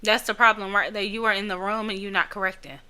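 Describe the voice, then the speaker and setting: Blunt, bright-voiced woman podcast host. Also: medium pitch, fairly even intonation, fast talker, clear, resonant tone. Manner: blunt, scolding, emphatic repetition with occasional laughs. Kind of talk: casual opinion monologue.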